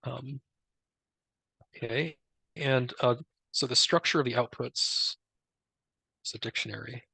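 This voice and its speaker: A man presenting a live software demo, explaining step by step in a relaxed way with many fillers. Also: mid-range voice, measured pace, vocal fry, husky, no room sound. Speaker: presenter demoing a tool.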